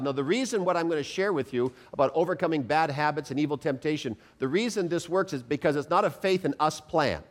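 Male preacher, slightly high voice, emphatic sermon delivery with audience questions. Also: quick pace, few pauses. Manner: emphatic, with rhetorical questions to the congregation; storytelling with acted quotes.

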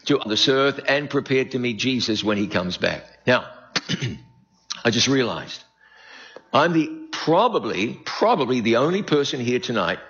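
A man's voice: mid-range voice, a bit bright, lo-fi sound. Older New Zealand-accented man preaching. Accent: New Zealand, softened by decades in America. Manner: folksy, self-deprecating humor with the audience. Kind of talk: prophecy seminar sermon.

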